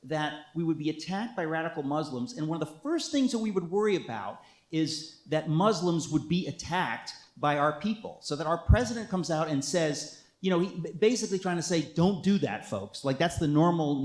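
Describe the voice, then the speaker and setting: An American man and author giving an earnest, emphatic interview answer with wry asides. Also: fairly high pitch. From United States. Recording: echoey room.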